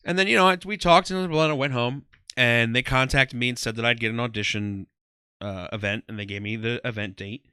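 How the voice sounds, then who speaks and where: A man's voice: mid-range voice, brisk, sharp tone, clean tone, dry recording, clean studio sound. A man in his thirties, a comedian, talking casually in an interview, rambling with lots of "um" and "like". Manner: rambling, heavy on "um" and "like". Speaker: guest, comedian and former ring announcer.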